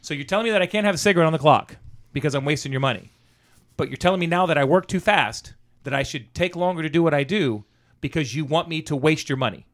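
This man's voice is a little high and fast as he shares a profanity-laced anecdote from a past job. He brings the story to life by acting out the conversation in a casual, animated way.

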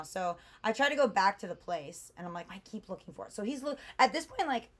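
A woman's voice: medium pitch, fast talker, hardly any pauses. A young woman co-hosting a casual chat, telling a long story with lots of fillers. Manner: chatty storyteller, animated with many fillers. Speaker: podcast co-host.

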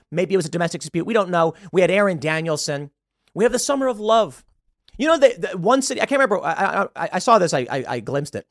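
A man in his thirties delivering a solo political rant from a studio. His voice sits a bit high and swings widely in pitch as he gets exasperated and sarcastic. The sound is dry and close on the mic. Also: no room sound. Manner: animated, exasperated, ranting with sarcastic asides. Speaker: political commentary host.

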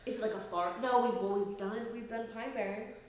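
A woman's voice: a little high, steady tone, a little fast, darkish tone. A young woman co-hosting a podcast, giggly and eager as she chats and guesses. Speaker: podcast co-host. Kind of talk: casual chat. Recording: very echoey room.

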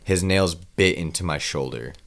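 A man tells a first-person crime story in a measured, grim manner. His voice is extremely low, sitting at the very bottom of the male range. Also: gravelly. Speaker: narrator.

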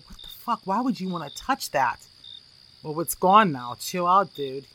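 A podcast host reading a listener's true spooky story aloud in a measured, earnest way. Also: mid-range voice, a bit bright.

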